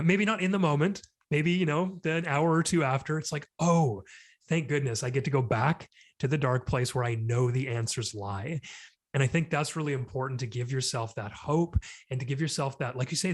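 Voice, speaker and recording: A man's voice: medium pitch, normal speed. Earnest introspective man, trailing "like"s. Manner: earnest, introspective, many filler "like"s. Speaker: podcast guest. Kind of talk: reflective conversation.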